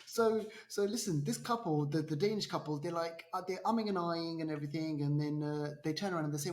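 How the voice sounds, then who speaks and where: A man co-hosting a podcast retells a film plot in a casual film review chat, animatedly acting out lines and restarting often. His voice is on the high side, fast with few pauses.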